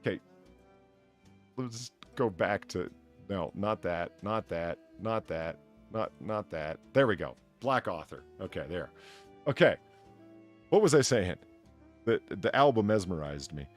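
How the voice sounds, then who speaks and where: A man's voice: deep voice, lively intonation, a little slow, long pauses, faint music behind. A man hosting a podcast, rambling and cursing through crude comedic banter with lots of stammering restarts. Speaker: podcast host.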